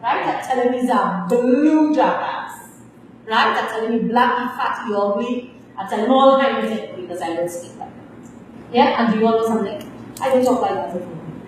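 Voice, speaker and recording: A woman's voice: fairly high pitch, moderate pace. A middle-aged woman teacher with a Trinidadian accent lecturing her class in a stern, scolding way, ending her points with tag questions. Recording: echoey room, distant, faint hiss.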